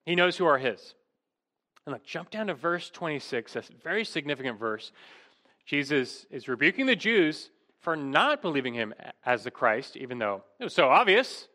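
A man's voice: on the high side, sing-song, moderate pace, sharp tone. A man preaching an expository sermon, emphatic and full of rhetorical questions. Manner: emphatic, rhetorical questions, rising to stress key words.

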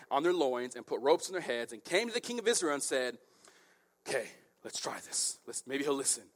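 A male preacher giving expository Bible teaching, animated and acting out the story in voices. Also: mid-range voice.

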